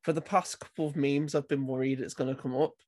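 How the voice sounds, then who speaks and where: A man's voice: medium pitch, steady tone, fast, darkish tone, no echo, studio quality. A young man co-hosting a podcast, talking in an awkward, giggly, rambling way in casual chat. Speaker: co-host. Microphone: desk mic that crackles.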